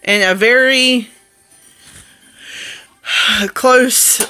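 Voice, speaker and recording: A woman vlogging casually to her viewers, rambling from one thought to the next in an excitable, jokey way. Her voice is bright and forward, sitting at an ordinary middle pitch. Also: normal speed, soft background music. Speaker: family vlogger. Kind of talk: casual chat.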